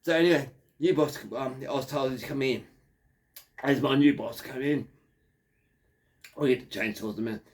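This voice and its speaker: A man's voice: mid-range voice, moderate pace, long pauses. Man in his fifties, Australian accent, crude, rambling, digressive. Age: 50s. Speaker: factory worker. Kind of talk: rambling monologue.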